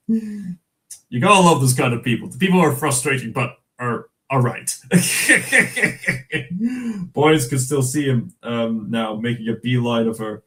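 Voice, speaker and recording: A man's voice: medium pitch, animated, slow, a bit bright, low-quality recording. A Scottish man hosting a livestream, reading news aloud in casual chat, chuckling often and stumbling over restarts. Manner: chatty, chuckles often, many fillers and restarts. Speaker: livestream host.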